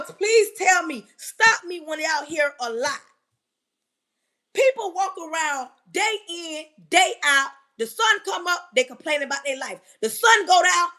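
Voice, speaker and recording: A woman with a very high, animated voice gives a fervent motivational talk on a live stream at a moderate pace. She preaches to her listeners, hammering home the same phrase repeatedly and frequently breaking into a yell.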